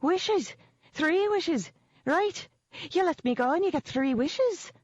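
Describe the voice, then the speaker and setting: A tiny leprechaun woman in a storybook reading squeals in a very high, frantic rush, begging and bargaining without pause, as a female narrator puts her on. The sound is dry and a little dull, with no room around it. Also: expressive, a little mellow, no room sound, full character voice. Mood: frantic pleading. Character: small pleading female leprechaun felon.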